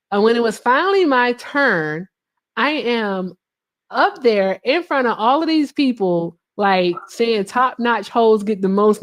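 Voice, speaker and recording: A woman livestream host telling a story in casual chat, swearing often and laughing as she talks. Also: medium pitch. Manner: profane, laughing, animated storyteller.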